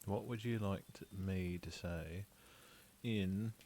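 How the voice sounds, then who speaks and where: A man's voice: deep voice, takes it slowly, dark tone, slight background noise. A man with an Australian accent giving casual, sarcastic commentary while streaming a game. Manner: wry, sarcastic asides.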